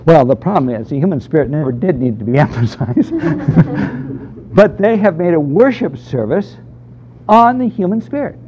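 A man's voice: on the high side, expressive, a little fast, a little hiss or hum. Man giving a dull-sounding Bible lecture. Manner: emphatic, conversational teaching with fillers. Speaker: Bible teacher.

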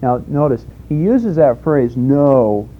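A man's voice: mid-range voice, expressive, takes it slowly, phone-quality sound, slight background noise. A man preaching a sermon in a conversational way, asking rhetorical questions and telling homespun stories.

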